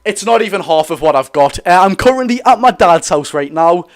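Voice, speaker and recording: A young Geordie man of eighteen hosts a live football watch-along from a room in his dad's house. His voice sits a little high, and he talks in an excitable, rambling way, apologising every few seconds. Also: fairly quick. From North East England. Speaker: football fan streamer.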